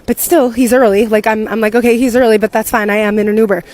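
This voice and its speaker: A young American woman rattles through a personal story at a brisk clip. Her voice sits a little high and she talks in a chatty, animated way, swearing without a second thought. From United States. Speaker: content creator living abroad. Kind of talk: casual storytelling to camera.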